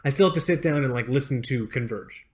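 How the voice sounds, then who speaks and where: A young adult man co-hosting a podcast in casual chat, animated, swearing freely and restarting his sentences as he rambles. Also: medium pitch, fast talker. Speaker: podcast co-host.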